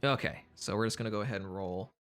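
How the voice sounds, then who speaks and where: A man's voice: lowish voice, quick pace. Man running a tabletop game, music behind. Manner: casual, laughing, loose narration. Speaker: game master.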